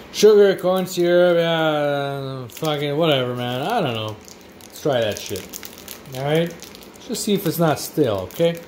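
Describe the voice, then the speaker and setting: A man's voice: on the high side, darkish tone. A man, casually reviewing food in a vlog with crude, profane, rowdy banter. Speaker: vlogger. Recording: faint background noise.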